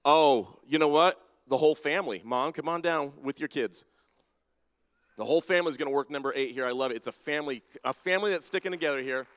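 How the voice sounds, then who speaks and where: Speaking at a quick pace, a man with a fairly high and slightly bright voice teases members of a congregation and calls them down by name during a playful audience-participation segment. The setting is a large church sanctuary with a balcony and spotlights, and the sound has a long, big-hall reverb.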